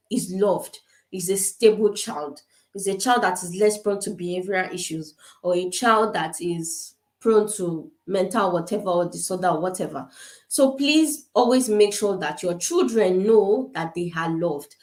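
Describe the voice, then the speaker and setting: A woman's voice: medium pitch, measured pace, a little mellow, echoey room. A woman from Africa speaking to parents in a casual online talk, earnest and repetitive, with many fillers and restarts. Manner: earnest, repeats points, frequent fillers and restarts. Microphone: webcam on a video call.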